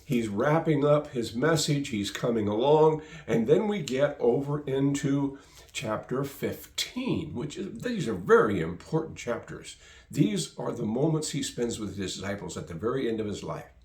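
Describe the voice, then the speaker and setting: A man's voice: mid-range voice, very animated, normal speed, a little mellow. A male pastor preaching a sermon, emphatic and fond of repeating phrases for stress. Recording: roomy echo.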